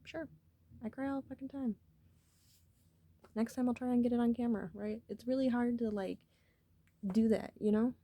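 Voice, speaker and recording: A woman's voice: on the high side, fairly even intonation, moderate pace, long pauses, dark tone. A woman talking casually to her viewers in a rambling, earnest way, cursing freely as she shares spiritual thoughts. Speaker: vlogger.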